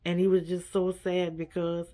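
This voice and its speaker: A woman's voice: on the low side, little pitch movement, moderate pace, warm tone. A woman vlogger giving a casual, earnest reaction to a documentary. She repeats herself often and leans on "like" and "you know.".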